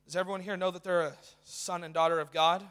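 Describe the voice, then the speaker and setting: A young man preaching a sermon in a church, talking casually and excitedly with lots of fillers. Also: high voice, quick pace, clear, resonant tone. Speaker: guest preacher. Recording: reverberant hall.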